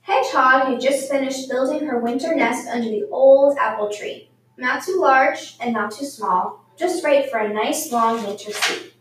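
A woman reading a picture book aloud for children at storytime in a lively, expressive way. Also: high voice, normal speed, slight background noise. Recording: very echoey room, mic far off.

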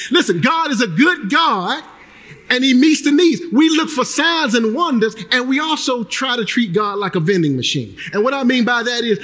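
A male pastor preaching a sermon, breaking into shouted emphasis and acting out the people he quotes. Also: very high voice, animated, moderate pace, in a large hall.

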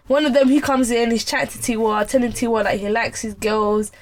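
A woman's voice: on the high side, fairly even intonation, fairly quick. A young woman co-hosting a podcast, telling stories animatedly in casual slang. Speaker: podcast co-host. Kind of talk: casual chat. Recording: noisy podcast recording.

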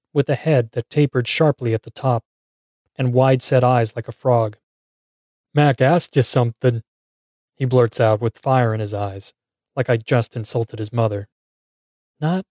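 A man's voice: medium pitch, a little mellow, no room sound, clean studio sound. A man narrating a first-person horror story in a wry, dramatic scripted style.

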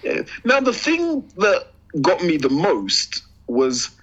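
Animated, husky podcast host. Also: male voice, sits high, takes it slowly, dull audio. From Britain. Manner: animated, swearing, laughing storyteller. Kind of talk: casual chat.

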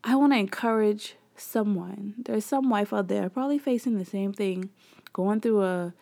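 A woman with a gravelly, fry-tinged voice talks candidly to her listeners about faith and marriage. She chats in a homey way and keeps calling them "y'all." Now and then she acts out her own past words in animated bursts. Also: medium pitch, normal speed. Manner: chatty, addresses listeners as "y'all". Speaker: podcast host.

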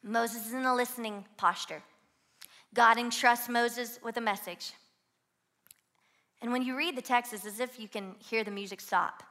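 A woman's voice: a little high, steady tone, normal speed, pauses often, pushed and bright. A woman giving an emphatic, conversational sermon as a guest preacher at a live church gathering.

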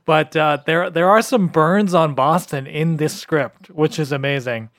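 A man co-hosting a podcast, talking about movies in a relaxed, amused way. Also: a little high, measured pace. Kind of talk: casual movie chat.

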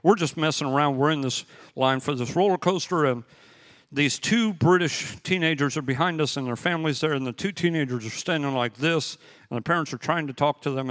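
A man delivers a sermon in a relaxed, conversational style, weaving stories together and driving each point home by repeating it. His voice sits a little high for a man. The sound rings out with a long reverb tail, as if he is preaching in a large church auditorium. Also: a little fast. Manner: conversational storytelling with emphatic repetition. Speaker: pastor.

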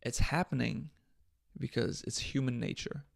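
Gravelly-voiced man ranting on a podcast. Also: mid-range voice, normal speed. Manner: blunt, profane, exasperated. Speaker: podcast host. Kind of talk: casual solo podcast rant.

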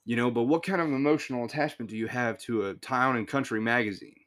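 A man's voice: medium pitch, fast, fairly bright tone. A man hosting a podcast, telling a work story in a casual, rambling way with swearing, restarts and chuckles.

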